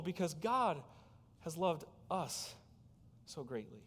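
Emphatic pastor preaching in a hall. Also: male voice, a little high, expressive, normal speed. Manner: emphatic, asks the congregation direct questions. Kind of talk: sermon. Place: church sanctuary. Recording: long hall reverb in a church.

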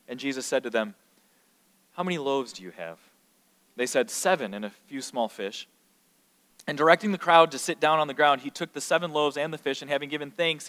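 A man's voice: a little high, fairly bright tone, long reverb tail. A man preaching a sermon as pastor, earnest, and stumbling over repeated words when he builds emphasis.

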